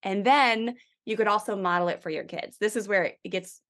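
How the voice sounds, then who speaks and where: Woman, middle-aged, parenting expert, conversational, animated, acts out quotes. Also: mid-range voice, fairly quick. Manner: animated, acts out quoted lines to kids and spouse. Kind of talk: conversational interview.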